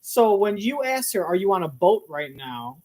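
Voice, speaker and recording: Crude rambling commentator overthinking a tv clip, acts out voices, mid pitch. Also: big pitch swings, normal speed, background noise.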